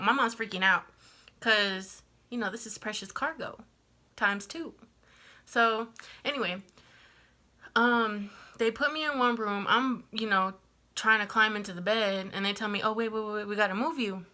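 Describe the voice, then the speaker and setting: Chatty young woman, bright voice. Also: mid-range voice. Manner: chatty, rambling with many fillers and asides. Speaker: vlogger. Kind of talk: casual storytime vlog.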